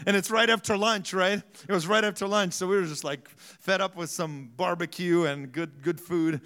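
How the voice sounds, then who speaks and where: A man preaching a sermon as a pastor, telling self-mocking stories, laughing often and rising to loud bursts. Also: high-pitched, moderate pace.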